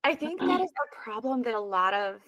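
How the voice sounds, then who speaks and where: A woman hosts a podcast in a casual, earnest conversation, often repeating a phrase to drive it home. Her voice is bright and forward, recorded close and dry. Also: on the high side, big pitch swings, brisk, no room sound, lo-fi sound. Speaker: podcast host, lactation consultant.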